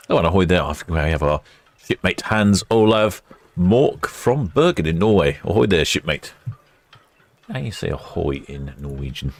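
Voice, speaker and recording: Low gravelly guy doing casual ship-spotting livestream chat, rambly, greets viewers. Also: lively intonation, moderate pace, no room sound. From England. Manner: chatty, rambling, reads out viewer comments. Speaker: livestream host narrating ship departures. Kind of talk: casual live commentary. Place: quayside port camera station.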